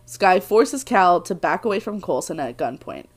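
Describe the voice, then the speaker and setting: A young woman co-hosting a podcast, casually recapping a TV episode in animated, laughing chat with some swearing. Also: lowish voice, normal speed. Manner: animated, laughs often, swears when excited. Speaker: podcast co-host, first-time watcher.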